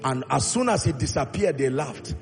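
A man's voice: medium pitch, animated, normal speed. A male pastor preaching a sermon with emphatic delivery, acting out Bible dialogue in his own voice. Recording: long reverb in a large hall, faint music.

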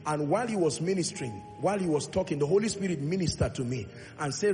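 A pastor preaches with a slightly high, gravelly voice, leading the congregation in call-and-response. He stretches key phrases out slowly and climbs to loud, emphatic peaks. His voice rings through a large church hall with a long echo and faint music underneath. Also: animated. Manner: drawn-out, slow emphatic delivery on key points. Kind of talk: sermon.

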